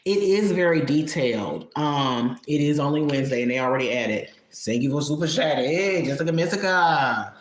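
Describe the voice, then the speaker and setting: A chatty, expressive livestream host, talking casually at home while coloring and often sighing. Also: medium pitch, moderate pace, hardly any pauses. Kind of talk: casual live-stream chat while coloring. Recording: roomy echo.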